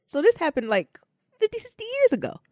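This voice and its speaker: A woman co-hosting a podcast in casual chat, animated and joking, with lots of exclamations. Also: very high voice, a little fast, dry recording, studio quality. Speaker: podcast co-host.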